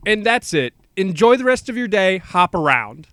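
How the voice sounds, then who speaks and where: A man's voice: high-pitched, very animated, normal speed, a bit bright, clear, resonant tone, no echo. A young man co-hosting a casual chat podcast, joking and laughing often. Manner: joking, laughs often, does silly voices. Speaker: podcast co-host.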